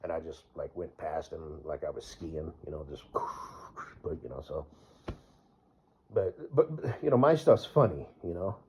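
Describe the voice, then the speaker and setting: A man's voice: a bass voice, a little slow, darkish tone, a little hiss or hum. A man vlogging in a casual, rambling way, full of fillers and laughing at his own jokes. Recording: dull lo-fi recording.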